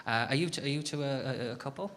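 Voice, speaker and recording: On stage at a live comedy venue, a fast-talking English man with a mid-range voice performs stand-up into a stage microphone. He rants in an exasperated, sardonic way and banters with the audience, whose laughter and crowd noise are loud.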